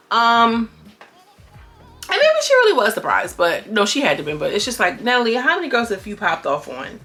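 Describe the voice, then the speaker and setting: A woman giving a casual, animated recap of a reality show, sassy and quick to act out quotes. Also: lowish voice, gravelly. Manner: animated, sassy, retells scenes in quoted voices. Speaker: reality TV commentator.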